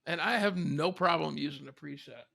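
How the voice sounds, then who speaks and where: A man in his fifties from Texas, talking as a guest in a relaxed, chatty, self-deprecating way. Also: fairly high pitch, moderate pace, vocal fry. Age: 50s. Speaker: guest musician. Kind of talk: casual conversation.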